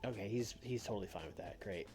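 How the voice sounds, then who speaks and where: A man streaming a wrestling booking game, musing aloud and swinging from soft to loud. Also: lowish voice, fast talker. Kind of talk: thinking aloud while playing a game. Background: faint music.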